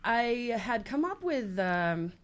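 A woman's voice: a little high, big pitch swings, slow pace. A woman guest artist chatting casually in an interview, rambling with fillers. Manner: rambling, lots of fillers and laughs.

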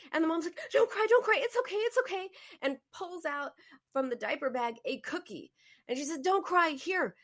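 Bright-voiced woman therapist host. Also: medium pitch. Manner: lively, explanatory storyteller. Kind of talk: conversational coaching talk.

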